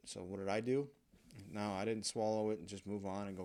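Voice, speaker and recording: A man's voice: fairly low pitch, fairly even intonation, brisk, darkish tone. A man hosting a podcast, telling a comic personal story in a profane, self-mocking, rambling way. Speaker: podcast host.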